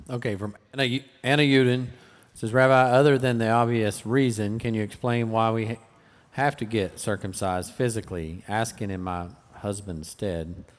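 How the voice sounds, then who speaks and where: Low guy reading questions, halting, distant in a big hall. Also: steady tone. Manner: halting, with fillers. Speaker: question reader. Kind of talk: reading listener questions aloud.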